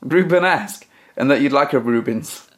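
A man's voice: medium pitch, animated, brisk. A man co-hosting a podcast, chatting casually in a joking, teasing way and often restarting his sentences. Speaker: podcast co-host. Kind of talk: casual chat.

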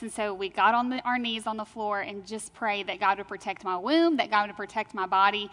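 A young adult woman sharing a church testimony with animated storytelling and frequent laughter. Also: fairly high pitch, fast talker, hardly any pauses, big-room sound. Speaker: speaker sharing her testimony.

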